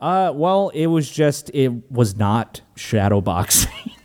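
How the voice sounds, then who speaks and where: A man casually recapping a movie as a podcast host, animated, joking and profane. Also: medium pitch, slow. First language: Italian heritage, speaks English.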